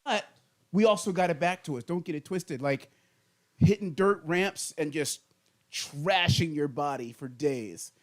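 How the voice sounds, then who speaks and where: A middle-aged man, the podcast host, telling childhood stories in casual, animated chat. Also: fairly high pitch, unhurried. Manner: animated storyteller, laughing through funny stories.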